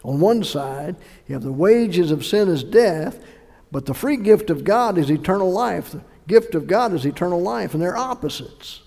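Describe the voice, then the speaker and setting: A male pastor preaching a sermon, emphatic, swinging between loud bursts and hushed lines. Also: high voice, expressive, moderate pace, vocal fry, big-room sound.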